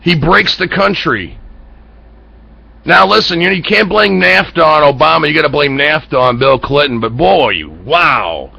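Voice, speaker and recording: A man's voice: a little high, lively intonation, normal speed, vocal fry, pushed and bright, slightly rough, dry recording, poor audio. An American man hosting an internet talk show, ranting bluntly about politics with profanity and heated rhetorical questions. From United States. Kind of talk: political commentary rant.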